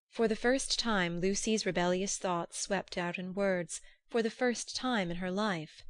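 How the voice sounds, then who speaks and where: A woman narrating a classic novel in an audiobook, with a steady, measured reading manner. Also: on the low side, dry recording.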